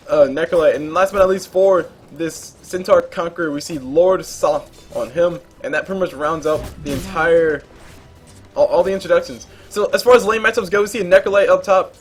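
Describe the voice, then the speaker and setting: A young man casually commentating a game replay, rambling into jokey asides along the way. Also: high-pitched.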